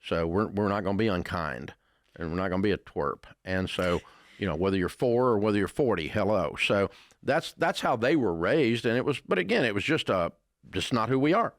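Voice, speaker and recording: A man's voice: lowish voice, animated, fairly quick, no echo, clean studio sound. An older man with a Southern American accent, answering interview questions with folksy, blunt storytelling. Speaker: radio host, interviewee.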